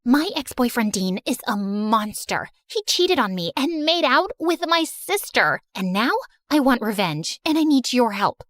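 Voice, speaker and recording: Pushy scheming high-school girl, persuasive, highish voice, dry close sound, animated story. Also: a little slow, dry recording. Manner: urgent, persuasive.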